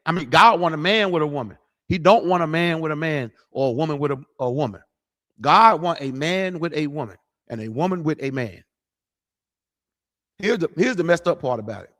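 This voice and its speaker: A man's voice: fairly high pitch, a bit bright. A middle-aged man preaching, blunt, profane and conversational, livestreaming to viewers. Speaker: street preacher.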